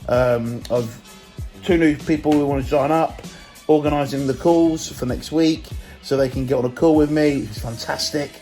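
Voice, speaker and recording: A man's voice: fairly high pitch, steady tone, moderate pace, mellow, soft background music. A young British man, a fitness coach, chatting casually and energetically through a day-in-the-life vlog, swearing freely as he goes.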